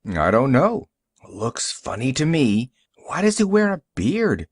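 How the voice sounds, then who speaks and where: A man reading an audiobook, voicing a sharp-faced, suspicious older woman who pries and whispers about a stranger. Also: medium pitch, wildly swooping pitch, a little slow, breathy edge, no room sound, studio quality, heavily acted. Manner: nosy, whispering, prying.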